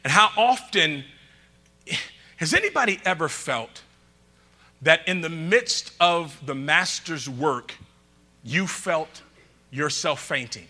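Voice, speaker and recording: A man pastor preaching a sermon, calling out to the congregation and swinging between loud bursts and quiet asides. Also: on the high side, lively intonation, slow, pauses often.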